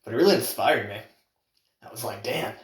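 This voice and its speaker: A man's voice: medium pitch, lively intonation, fairly quick. Laid-back swearing man, roomy far-off sound. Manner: laid-back, swears freely, laughs often. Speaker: podcast host. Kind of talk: casual storytelling. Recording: roomy echo, off the mic.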